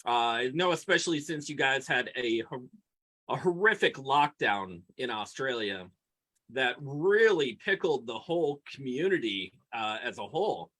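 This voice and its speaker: A man co-hosting a podcast, joking and teasing in casual banter over a video call. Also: mid-range voice. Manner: animated, joking, quick to tease. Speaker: podcast co-host.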